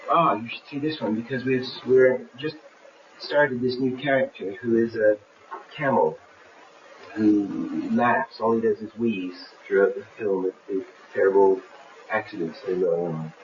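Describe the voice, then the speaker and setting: A man's voice: on the low side, unhurried. Man animatedly explaining his film. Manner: animated storyteller, acting out scenes. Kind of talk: casual explanation in an interview. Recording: muffled, slightly hissy archive tape.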